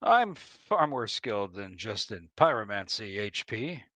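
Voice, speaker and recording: A man role-plays in a tabletop game, wry and playfully polite. His pitch is middling but moves about a great deal, and he sounds close and dry. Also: very animated, measured pace, pushed and bright, dry recording. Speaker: player. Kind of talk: in-character tabletop role-play.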